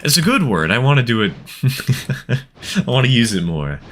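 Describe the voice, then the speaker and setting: A man's voice: mid-range voice, very animated, moderate pace, a bit bright. A man from the American South chatting casually with his stream viewers in a jokey way, often breaking into laughter.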